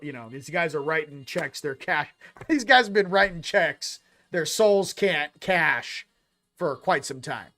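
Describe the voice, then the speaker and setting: A man's voice: medium pitch, a bit bright. A man hosting a casual spiritual card reading, joking and slangy with frequent laughs. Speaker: host of a spiritual reading show.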